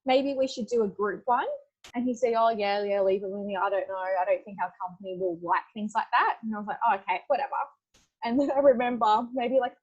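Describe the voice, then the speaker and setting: A young woman, a podcast guest, telling a story in casual chat, animated and quick to laugh, acting out what others said. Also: mid-range voice, muffled recording. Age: young adult. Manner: animated, laughs often, acts out quoted lines.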